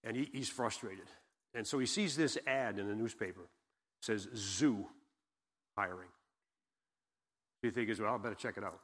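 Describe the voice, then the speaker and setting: A man's voice: on the low side, normal speed, long pauses. A man preaching as a guest pastor in a church, telling a folksy joke and then reading and explaining scripture, often asking the congregation questions. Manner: folksy storyteller, asks the audience questions. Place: church sanctuary. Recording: long hall reverb.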